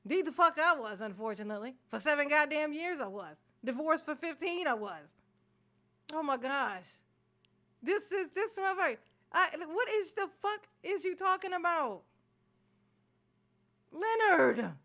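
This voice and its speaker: A woman from Maryland, USA, hosts a reaction video, ranting animatedly with swearing and laughter. Her voice sits high with big pitch swings and a bright, forceful tone, moving at a moderate pace with frequent pauses in this casual commentary.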